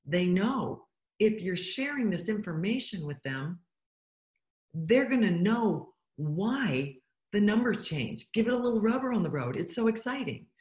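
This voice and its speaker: A woman giving a motivational business talk, emphatic and full of rhetorical questions put to the listener. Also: lowish voice. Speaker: business coach. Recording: echoey room.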